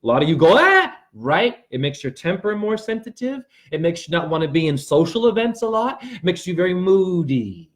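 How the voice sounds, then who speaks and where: A man hosting a rambling motivational monologue, talking straight to his viewers and breaking into sudden yelps and shouts. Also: sits high, lively intonation, fairly quick, few pauses. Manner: addresses viewers directly with frequent "right?". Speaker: spiritual video host.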